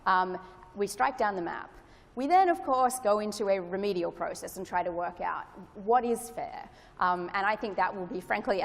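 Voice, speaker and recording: A woman's voice: on the low side, creaky. Australian woman giving a talk, earnest, lots of ums, echoey big hall. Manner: hopeful, earnest, with fillers. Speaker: conference presenter, lawyer. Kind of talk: conference presentation. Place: large conference hall. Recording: reverberant lecture hall.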